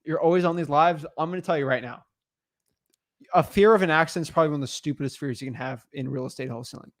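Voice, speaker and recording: A man's voice: fairly high pitch, fast, dry recording. A young man co-hosting a live stream, talking emphatically and repeating his points. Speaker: co-host of a live real estate stream.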